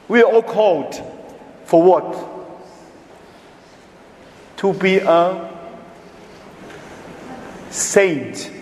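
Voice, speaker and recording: Slow-spoken priest in an echoey church. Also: male voice, high-pitched, animated, darkish tone, slight background noise. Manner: slow, emphatic, pausing often, non-native phrasing. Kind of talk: homily at Mass. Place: large church. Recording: echoey church with long reverb.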